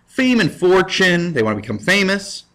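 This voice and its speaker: Joking man giving a casual lesson. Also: moderate pace. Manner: jokey, self-mocking asides with animated pitch jumps. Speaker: high school history teacher. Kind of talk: casual recorded lecture.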